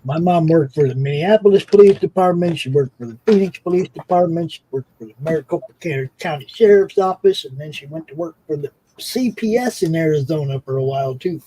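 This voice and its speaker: A man's voice: a little high, brisk, hardly any pauses, mellow, slight background noise, low-quality recording. A man in casual chat, joking about his childhood.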